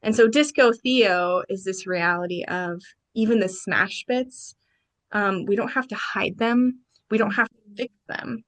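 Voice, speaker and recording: A woman guest on a podcast, telling her own story with animated energy. She jumps into quoted lines from friends in quick, lively bursts, at a pitch of middling height for a woman. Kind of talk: personal storytelling in a podcast interview.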